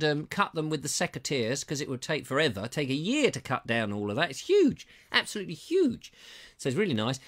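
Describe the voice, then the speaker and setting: A man hosting a live online show, reading out viewer comments in a playful, theatrical, mock-excited and teasing way. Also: fairly high pitch.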